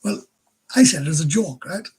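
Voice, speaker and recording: A Welsh man chats to his viewers in a deeply husky, breathy voice pitched slightly above the usual male range. He rambles, swears, and laughs his way through crude anecdotes. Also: expressive, fairly quick, a little mellow, low-quality recording. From Wales. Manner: crude, swears constantly, laughs mid-story, stumbles and restarts. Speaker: live stream host. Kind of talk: casual storytelling to viewers.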